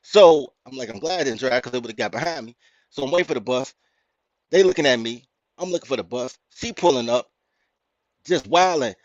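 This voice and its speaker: A man with a Chicago accent, hosting a podcast and telling a story in a blunt, profane, animated rant. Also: medium pitch, a little fast, dry recording. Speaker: podcast host. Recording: dry, muffled lo-fi audio.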